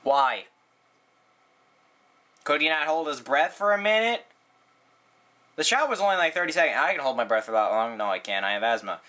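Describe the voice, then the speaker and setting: A man delivers a rambling, sarcastic movie review at normal speed, leaving long pauses and peppering it with "like" and "um." His pitch jumps often in an animated way.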